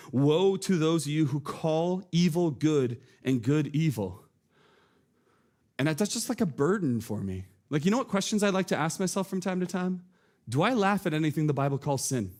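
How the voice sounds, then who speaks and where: A man preaching a sermon from a church stage, earnest and conversational, asking the congregation questions. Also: a little high. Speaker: pastor.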